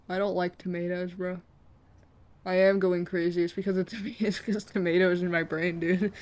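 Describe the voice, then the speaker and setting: A game streamer rambling through a late-night live session, cracking jokes and laughing at their own bits. Talks loosely to chat, in a mid-pitched, everyday voice. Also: flat delivery, normal speed. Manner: joking, rambling, laughs often.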